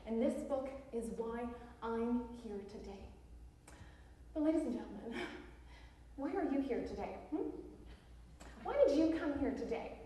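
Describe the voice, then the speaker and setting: An actress playing a brash, pushy self-help author on a theatre stage, talking with giggly, nervous laughs. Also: female voice, sits high, darkish tone. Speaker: self-help author giving a book talk. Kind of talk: live stage theatre monologue. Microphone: far room mic in the audience. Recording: echoey, distant theatre hall recording.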